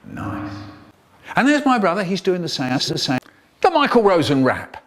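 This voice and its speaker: A man's voice: high voice, sing-song, moderate pace, a bit bright. A man telling comic stories in a playful, exaggerated way. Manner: exaggerated, playful, does funny voices. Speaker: storyteller. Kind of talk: animated comic storytelling, remixed clips.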